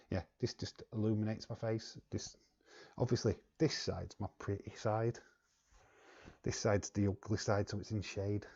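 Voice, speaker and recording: A man with a London accent hosts a relaxed home live stream, chatting with viewers and humming idly between comments. His voice sits low and gravelly with a mellow tone, and the audio comes through dull and lo-fi. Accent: London English. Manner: chatty, laughs often, fills pauses with humming. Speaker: wrestling live-stream host. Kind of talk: casual live-stream chat reading comments. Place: living room at home, lit by a video light.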